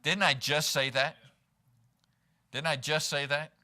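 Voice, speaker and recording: A man's voice: on the high side, flat delivery, measured pace, sharp tone. A man preaching a sermon as pastor in a church, conversational and often asking the congregation "right?". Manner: conversational, peppered with rhetorical "right?". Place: church sanctuary.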